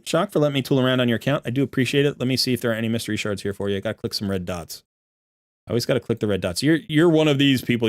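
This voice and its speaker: Blunt, emphatic male game streamer. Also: mid-range voice. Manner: blunt, emphatic, repeats phrases; sounds irritated while sorting gear. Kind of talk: casual livestream commentary.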